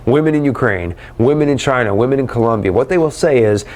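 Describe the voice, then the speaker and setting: A man's voice: medium pitch, a little mellow. A middle-aged man hosting a live webcast, chatty and upbeat as he answers viewer questions and calls them guys.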